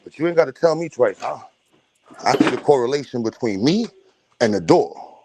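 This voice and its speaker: A young adult man, hosting a casual livestream rant, loud and profane, streaming from a phone at home. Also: medium pitch, moderate pace, background noise. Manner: loud, animated, profane storytelling with bursts of laughter. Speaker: stream host. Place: at home, moving between a room and the doorway outside.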